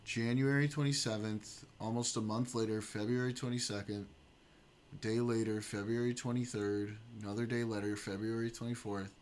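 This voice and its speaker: Guy streamer reacting, kinda low voice, blunt and sweary, faint hiss behind. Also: flat delivery, moderate pace, a little mellow. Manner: blunt, swears often, reads messages aloud. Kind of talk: casual reaction commentary.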